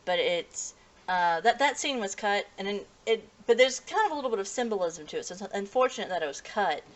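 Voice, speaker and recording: A woman's voice: mid-range voice, lively intonation, brisk. A woman reviewing an anime episode in a casual, rambling way, with lots of fillers, self-corrections and frequent chuckles.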